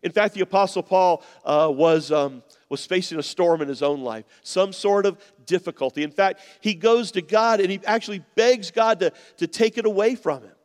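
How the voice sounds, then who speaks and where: Male pastor, earnest sermon, fairly high voice, long hall echo, softens to a near-whisper. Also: normal speed, hardly any pauses. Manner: earnest, drops to a soft near-whisper on key words.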